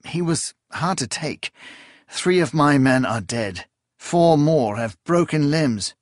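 A man's voice: fairly high pitch, animated, takes it slowly, no room sound, studio quality, voice pushed up. A man doing a grave guard captain. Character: massive, careful male guard captain.

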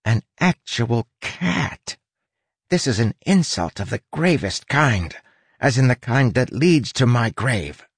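A man's voice: medium pitch, big pitch swings, slow, creaky, husky, dry recording, studio quality, voice pushed up, full character voice. A man voicing a small, cowardly talking rat who grumbles and whines. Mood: grumbling. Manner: whiny, grumbling.

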